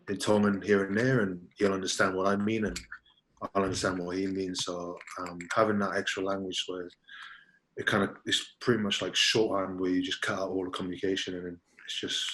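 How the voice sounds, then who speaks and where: A man from Wales chatting as a podcast guest, soft-spoken and laid-back, halting with lots of fillers. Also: low-pitched, a little hiss or hum, low-quality recording. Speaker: guest, rugby player. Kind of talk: casual podcast chat.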